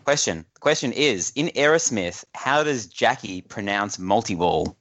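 A man's voice: lowish voice, expressive, normal speed, fairly bright tone. A man hosting a casual quiz on a podcast, often laughing as he reads the questions. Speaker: quiz host.

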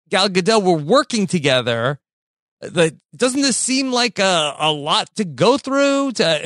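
A man's voice: sits high, a bit bright, no room sound, studio quality. A man co-hosting a casual movie podcast, recapping the plot with a lot of fillers. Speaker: podcast co-host.

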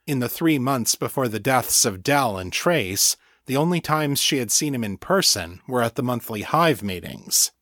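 Steady male audiobook narrator, dry sound. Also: medium pitch, normal speed, hardly any pauses, no echo. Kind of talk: scripted narration.

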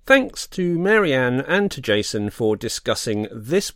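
A man hosting a podcast signs off with a scripted outro. His pitch moves in a lively, friendly way as he reads, and a faint guitar plays under his voice. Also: unhurried, hardly any pauses. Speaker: podcast host.

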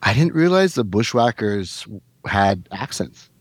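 A man guest on a podcast who tells stories in an animated, digressive way with plenty of filler. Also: fairly low pitch, measured pace, slightly rough, dry recording. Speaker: guest, rum company manager. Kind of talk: casual podcast chat.

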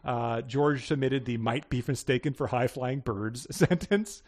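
Speaking a little slowly in a mid-range voice, this man co-hosts a podcast, chatting casually and reading listener picks aloud. He's jokey and animated, with plenty of laughter throughout.

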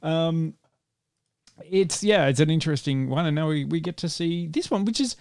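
A man's voice: fairly high pitch, moderate pace, vocal fry, a little mellow, clear, resonant tone, no room sound, clean studio sound. A man hosting a casual film review podcast, joking around and laughing often between rambling asides. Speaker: podcast host.

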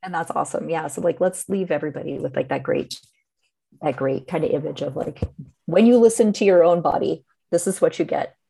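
A woman's voice: low-pitched, a little fast, gravelly, husky. A middle-aged woman co-hosting a podcast, chatting casually and telling stories with frequent laughter. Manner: animated storyteller who laughs often. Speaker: podcast co-host. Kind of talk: casual chat.

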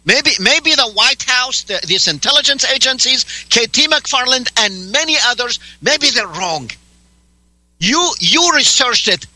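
Male talk radio host, high sharp voice, combative and sarcastic, dry studio mic. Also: expressive, a little slow, no room sound, rough recording. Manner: interrupting, demanding, sarcastic. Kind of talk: heated on-air argument with a caller.

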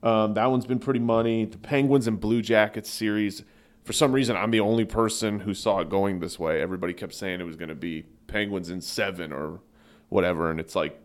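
A man co-hosting a comedy sports podcast, telling rambling stories in an animated way that often breaks into laughter. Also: fairly low pitch, brisk. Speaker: podcast co-host. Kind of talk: casual comedic sports chat.

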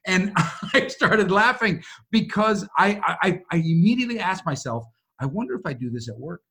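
A middle-aged man telling a story in a lively conversation. His pitch swings widely, and he briefly acts out the voices of the people in it. His voice sits a little higher than most men's. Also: normal speed. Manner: animated, acts out quoted voices. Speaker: guest.

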